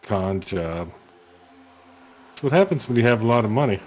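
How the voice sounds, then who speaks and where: A man with a low voice calls a sim race in a loose, joking way, tossing sarcastic asides to his partners. Faint background noise sits under the voice. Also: big pitch swings, normal speed, darkish tone. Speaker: race commentator. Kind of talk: casual sim racing commentary.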